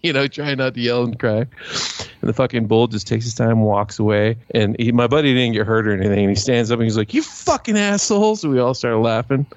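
A man's voice: mid-range voice, a little fast, dry recording. A man, a podcast co-host, telling crude stories in a casual, joking way. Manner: crude, joking, animated storyteller. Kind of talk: casual chat, storytelling. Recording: dry, dull lo-fi sound.

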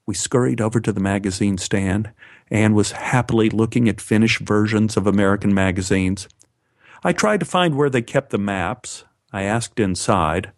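A man telling a first-person story in an animated way, lifting his voice for quoted dialogue. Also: fairly low pitch, moderate pace, dry recording, studio quality.

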